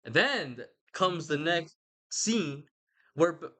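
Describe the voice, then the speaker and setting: A man's voice: on the high side, sing-song, takes it slowly, pushed and bright. A young man giving a rambling, casual retelling of a story, irreverent and slangy, swearing and interrupting himself. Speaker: channel host.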